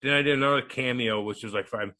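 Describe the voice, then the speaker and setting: Man, ex-hockey enforcer, loud swearing storyteller, animated. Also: medium pitch, quick pace. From United States. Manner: profane, boisterous, animated storytelling. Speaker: former hockey enforcer, radio host. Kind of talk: storytelling interview.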